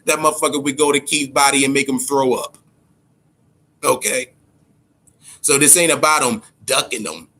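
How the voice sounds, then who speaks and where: A man's voice: mid-range voice, steady tone, moderate pace, long pauses, bright, forceful tone. Heated, profane male boxing talker. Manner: heated, profane, repeats words when worked up. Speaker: boxing talk host. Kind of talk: profane casual boxing commentary.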